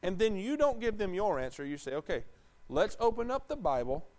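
A man's voice: high voice, big pitch swings, fairly quick, a little mellow. A man preaching a conversational sermon in a church, asking the congregation rhetorical questions.

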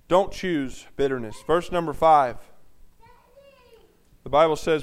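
Pastor, male, high smooth voice, sermon delivery that swings from hushed to loud. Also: a little slow.

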